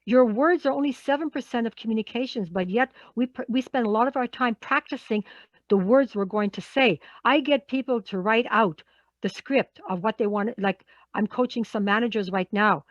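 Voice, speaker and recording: A woman's voice: a little high, normal speed, dry recording. Woman coach, dry dull recording. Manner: conversational, often checks in with a questioning "okay?". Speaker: workshop facilitator and coach. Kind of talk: live workshop talk.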